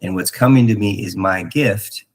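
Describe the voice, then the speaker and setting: A man talking earnestly in a reflective spiritual talk, halting with many restarts and fillers. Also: on the low side, poor audio. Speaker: podcast host.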